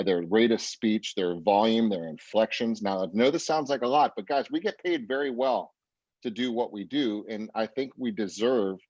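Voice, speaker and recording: A man's voice: on the low side, darkish tone, dry recording, muffled recording. A man leading a sales training session for real estate agents, talking emphatically and motivationally. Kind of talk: coaching talk.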